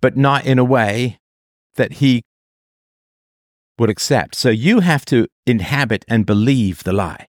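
A man's voice: medium pitch, expressive, a little slow, long pauses, no room sound, studio quality. A man hosting an advice conversation, pressing a caller with probing questions and acting out quoted voices. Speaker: host.

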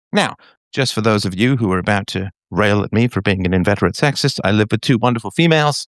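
A man's voice: fairly low pitch, fast, no echo, clean studio sound. A man giving a sarcastic, theatrical solo monologue to his audience. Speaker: commentator.

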